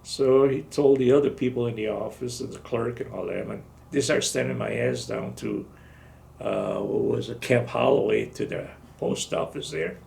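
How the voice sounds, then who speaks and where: Older man in his seventies, gravelly-voiced veteran, blunt and salty storyteller in an interview. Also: medium pitch, normal speed, a little mellow, a little hiss or hum. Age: 70s. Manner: salty, blunt retelling with profanity. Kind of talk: oral history storytelling.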